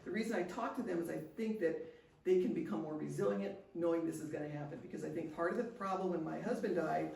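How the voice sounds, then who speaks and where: A woman's voice: sits low, fast, vocal fry, a little mellow. An older woman speaking at a seminar, sharing personal stories in an earnest way with frequent restarts. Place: seminar room. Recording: echoey room, distant mic.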